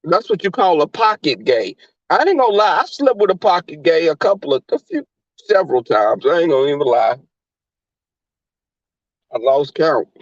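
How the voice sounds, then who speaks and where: A man's voice: fairly high pitch, very animated, normal speed, pauses often, no echo, dull audio. A man with a Southern US accent hosting a livestream, chatting with viewers in a brash, profane, camp manner. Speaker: livestream host. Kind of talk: casual chat with live viewers.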